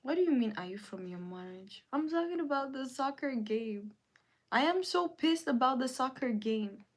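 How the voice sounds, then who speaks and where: With lively intonation and a moderate pace, a female livestream host reads comments aloud in casual chat. Her indignant rant keeps circling back on itself, punctuated by sudden climbs in pitch.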